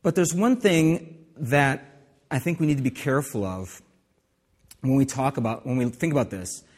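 A man's voice: medium pitch, moderate pace, a little mellow, breathy edge, long reverb tail. A man preaching a sermon as pastor, in a conversational way with asides and restarts.

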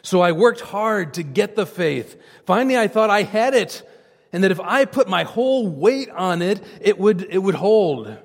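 A man's voice: high voice, lively intonation, moderate pace. Man preaching in an echoing hall. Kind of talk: sermon.

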